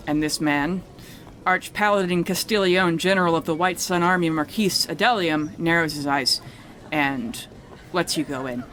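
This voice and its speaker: A man's voice: a little high, normal speed, pushed and bright, faint music behind. Casual, rambling game master, a man. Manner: casual and rambling, swears freely. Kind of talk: narrating a tabletop game.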